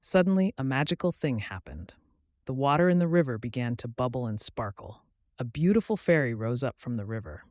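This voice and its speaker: Clear, expressive male storyteller, medium pitch with a lot of lift, dry close sound. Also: a little fast, no room sound. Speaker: channel host and storyteller. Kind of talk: scripted story narration for English learners.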